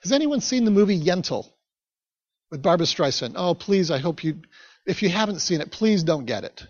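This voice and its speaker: A man's voice: high-pitched, big pitch swings, normal speed, dry recording. Male pastor, conversational storytelling sermon, dry close sound. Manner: conversational, chatty asides to the congregation. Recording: dull, dry recording.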